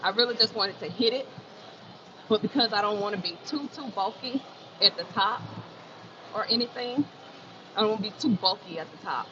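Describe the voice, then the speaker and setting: A woman livestreams from an indoor gym, casually talking with viewers and repeating phrases for emphasis as a fitness streamer. Her mid-range voice keeps a normal speed but includes long pauses. Gym ambience leaves the recording noisy and muffled.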